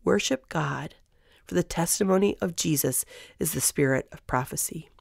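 A woman hosting a podcast, giving a conversational devotional Bible teaching and reading scripture aloud with lively energy. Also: sits low, brisk, creaky, dry recording, clean studio sound.

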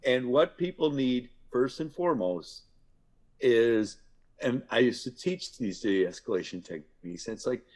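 A middle-aged man, a guest author, explaining how to calm angry people in a casual interview and acting out examples. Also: mid-range voice, measured pace. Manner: animated storyteller, acts out examples. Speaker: guest, author and workplace violence speaker. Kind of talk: conversational podcast interview.

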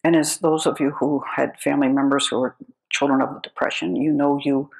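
A woman's voice: a bass voice, flat delivery, a little fast, darkish tone, low-quality recording. An older American woman giving a lecture, telling wry, humorous anecdotes in a storytelling manner. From United States. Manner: wry, storytelling, chuckling at her own tales. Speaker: speaker.

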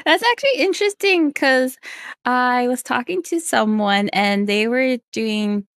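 A woman hosting a podcast interview, telling a short anecdote in a relaxed, unhurried way. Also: a little high, no room sound, clean studio sound. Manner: unhurried, relaxed storyteller, adds short affirming fillers. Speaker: podcast host. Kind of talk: casual interview chat.

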